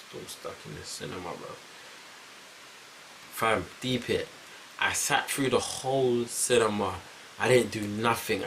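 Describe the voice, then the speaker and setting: A young man with a London accent telling a casual story to camera, animated and repetitive, full of street slang. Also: lowish voice, slight background noise, rough recording. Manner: animated, repeats phrases, heavy slang. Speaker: vlogger.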